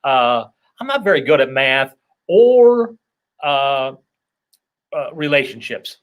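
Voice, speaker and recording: A man's voice: mid-range voice, big pitch swings, takes it slowly, narrow, tinny audio. A man hosting a casual comedy interview, rambling with self-deprecating jokes and asides. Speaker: podcast host.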